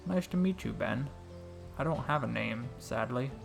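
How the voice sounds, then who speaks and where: A man voicing a gentle, kind-hearted talking male frog in a storybook reading, soft and cheerful with a warm, teasing manner. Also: mid-range voice, expressive, normal speed, gravelly, over music.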